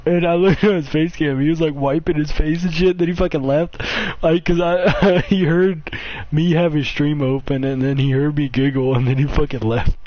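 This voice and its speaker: A young man reacting to old clips on stream swaps profane, giggly stories with a friend. He speaks at a moderate pace in a steady, highish voice, and the recording is dull lo-fi with a faint hiss.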